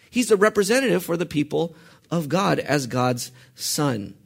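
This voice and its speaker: A male pastor preaching a sermon, asking the congregation questions and swinging between hushed and forceful delivery. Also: high-pitched, moderate pace, vocal fry. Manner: asks the congregation questions and lets them fill in answers.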